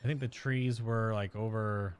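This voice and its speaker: A man's voice: on the low side, fairly even intonation, moderate pace, a little hiss or hum. An American man chatting casually while streaming a game, rambling and searching aloud for words. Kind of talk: casual gameplay chat.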